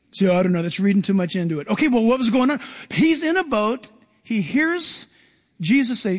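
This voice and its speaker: A man preaching a sermon as pastor, animated and acting out quoted lines, sometimes shouting them. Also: very high-pitched.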